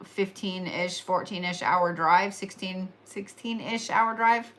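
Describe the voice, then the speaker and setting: A woman's voice: lowish voice, takes it slowly, fairly bright tone. A young woman with an Oklahoma accent hosting a casual horoscope reading, tired and yawning, chatty and teasing, repeating phrases for emphasis. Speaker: astrology and reiki livestream host.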